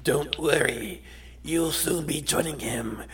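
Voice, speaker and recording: A man voicing a menacing male monster villain in a slow, husky, breathy voice. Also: fairly high pitch, fairly bright tone, full character voice. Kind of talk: voicing a manga villain while recapping.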